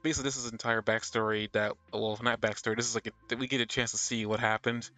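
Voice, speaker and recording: A man's voice: medium pitch, level tone, fast, sharp tone, soft background music. A man hosting a casual anime podcast, hesitant and tripping over names as he reads. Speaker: podcast host. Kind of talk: casual chat.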